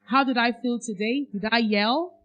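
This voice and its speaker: A woman with a fairly high, bright voice gives a parenting workshop talk in a conference hall at a moderate pace, quizzing the audience with questions they finish aloud. The recording is muffled, with soft music in the background.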